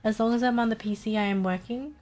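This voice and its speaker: A woman's voice: on the high side, fairly even intonation, fast talker, a little mellow, soft background music. A young woman streaming live, chatting casually with her chat, swearing and laughing often, her nose blocked so she sounds stuffy.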